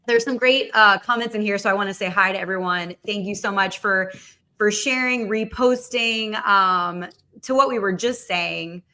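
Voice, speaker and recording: A woman's voice: medium pitch, bright, forceful tone. A woman hosting a livestreamed talk show, speaking casually with many fillers and asides. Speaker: podcast host.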